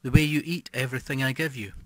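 A calm, chilling wife speaks in a prim, unhurried, slightly raised voice, as a male reader puts her on for an audiobook. Her words come quiet and even, close and dry with no room sound. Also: mid-range voice, dry recording, lightly acted. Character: calm, cold middle-aged wife who poisons.

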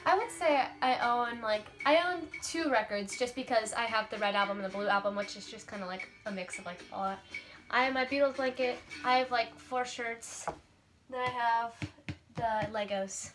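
A woman's voice: on the high side, moderate pace. A teenage girl in casual chat, answering questions with lots of fillers and giggles. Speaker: guest answering tag questions.

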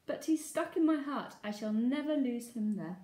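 A woman voicing a sad, gentle young male shark in a storybook, speaking softly. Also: fairly high pitch, lively intonation, moderate pace, roomy sound, voice pushed up, lightly acted. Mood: tender.

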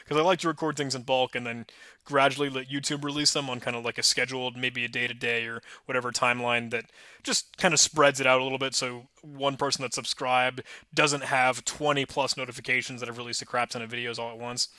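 Bright, dry-voiced man explaining code. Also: mid-range voice, level tone, brisk, dry recording. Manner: casual, self-deprecating, apologetic chatter. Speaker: tutorial host. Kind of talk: screen-recorded coding tutorial.

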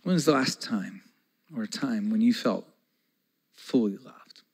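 A man's voice: on the low side, unhurried, slightly rough. A man in his forties preaching a sermon as pastor, earnest and conversational, with folksy asides.

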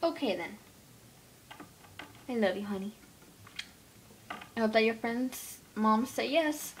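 A woman voicing a sweet, fussy mother pet in a home-made toy pet role-play, who talks gently and calls everyone honey. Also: a little high, takes it slowly, noisy background. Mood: gentle.

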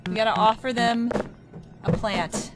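A woman's voice: a little high, a little slow, music in the background, poor audio. A young adult woman hosting a casual let's play. She jokes, chats, and talks back to the game characters. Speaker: gaming channel host.

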